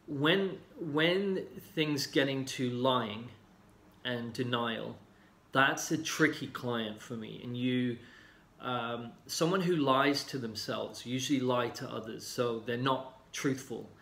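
Relaxed, echoey man explaining at length. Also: medium pitch, slow pace, creaky. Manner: relaxed, explanatory, many fillers, acts out clients' lines. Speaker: healing coach. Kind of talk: casual talk to camera. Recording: roomy echo.

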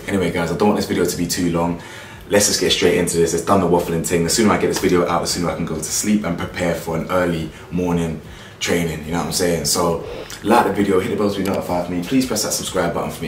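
A tired young man, ranting in casual commentary with lots of slang. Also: sits low. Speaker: commentary YouTuber. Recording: roomy, distant, faint background hiss.

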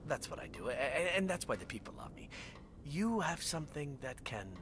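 An actor playing a smug, corrupt politician who speaks in a smooth, oily, condescending way and makes open threats. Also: male voice, fairly high pitch, very animated, brisk, noisy background. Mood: menacing. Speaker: villain politician. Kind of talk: game voice acting.

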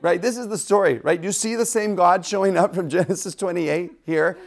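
A man's voice: sits high, brisk. A man teaching a religious lesson in a casual, enthusiastic way, retelling stories with laughter. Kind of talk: animated lesson storytelling.

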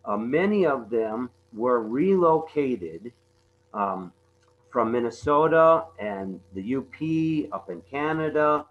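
A man giving a conservation talk over slides, halting often and repeating words with many fillers. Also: medium pitch, lively intonation, highs cut off. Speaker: conservation presenter. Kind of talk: webinar slide presentation.

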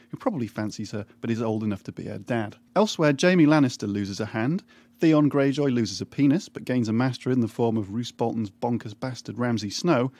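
A man reading a scripted comic recap, full of wry, irreverent deadpan asides. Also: medium pitch, no echo. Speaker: narrator. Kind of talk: scripted comedic recap narration.

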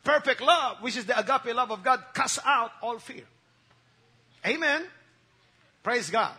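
A man delivers a sermon in a high, sharp, bright voice. His tone is a little husky, and he drives points home by repeating phrases and pausing for the congregation to respond. The delivery is emphatic, call-and-response preaching. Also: expressive. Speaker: pastor.

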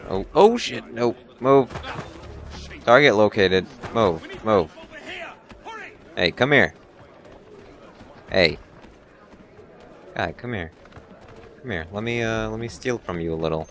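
An excitable man talking over his gameplay, joking and cursing at what happens on screen. His lowish voice swings widely up and down, with faint noise behind. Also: takes it slowly, pauses often. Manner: excitable, joking, swears at the game. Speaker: gameplay commentator. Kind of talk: casual let's-play commentary.

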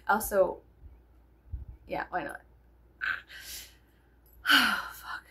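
A woman's voice: mid-range voice, expressive, normal speed, gravelly, slight background noise. A tired young woman rambling to her viewers in a casual vlog, swearing a lot and joking sarcastically. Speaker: vlogger. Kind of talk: casual chat to camera.

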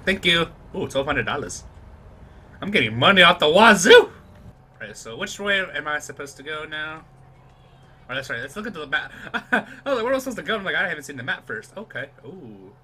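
Fairly high-pitched and fairly quick, a young man gives live let's-play commentary on his own gameplay over slight background noise. He's excitable and profane, though he drops to a whisper while sneaking.

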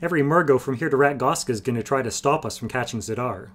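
A man's voice: medium pitch, quick pace, voice pushed up, lightly acted. A man voicing a shrewd, ferret-eyed male rogue with a sly, bantering manner.

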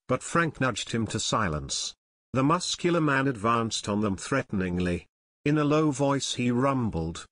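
A man narrating an audiobook in a steady, even storytelling manner. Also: medium pitch, a little slow, no room sound. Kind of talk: scripted narration.

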